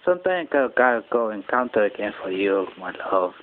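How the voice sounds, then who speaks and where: A man from Japan, rambling through a personal story in halting English with many restarts. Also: fairly low pitch, sing-song. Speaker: channel host. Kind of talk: casual personal monologue. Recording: tinny phone-quality audio with faint noise.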